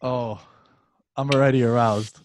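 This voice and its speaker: A man hosting a casual sports talk show, loose and jokey, with animated bursts of emphasis. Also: mid-range voice, measured pace, slight background noise. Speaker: podcast host.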